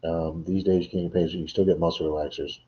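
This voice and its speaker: A middle-aged livestream host speaks quickly in a low, level tone while rambling casually from home and taking viewers' chat messages. The audio quality is dull.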